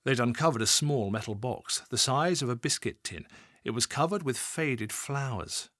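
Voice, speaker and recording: A man narrating a crime audiobook in an expressive, dramatic reading. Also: medium pitch, normal speed, no echo, clean studio sound.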